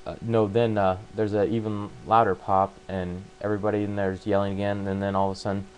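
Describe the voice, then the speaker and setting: A man casually retelling a book's plot, halting and full of fillers and restarts. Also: fairly low pitch, level tone, darkish tone, a little hiss or hum, rough recording. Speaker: book summarizer.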